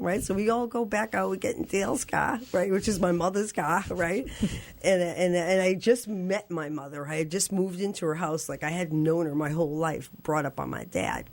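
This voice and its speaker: This radio show guest, a woman in her sixties, shares a story at a moderate pace in an expressive way, laughing a lot and jumping to a squeaky high pitch whenever she voices her younger self.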